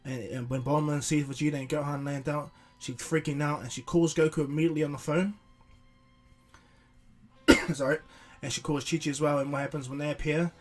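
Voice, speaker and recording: A man's voice: a little high, steady tone, brisk. A man narrating a fan-made cartoon story casually, rambling with many restarts. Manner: rambling, filler-heavy with restarts and chuckles. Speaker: YouTuber storyteller.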